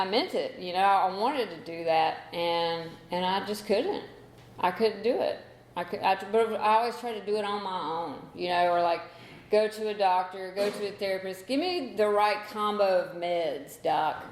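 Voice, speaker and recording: A woman's voice: on the low side, slight background noise. A woman in her thirties sharing her story at a recovery meeting, candid and conversational, with lots of "you know" fillers. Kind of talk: personal testimony talk. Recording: echoey room recording.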